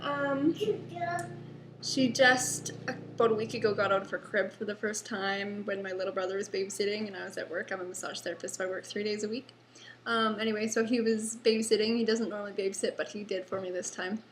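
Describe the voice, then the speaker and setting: A woman's voice: mid-range voice, steady tone, a little fast, a little hiss or hum. A young woman, a mother, chatting casually about her toddler in a rambling home vlog with many fillers. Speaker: vlogger, mother.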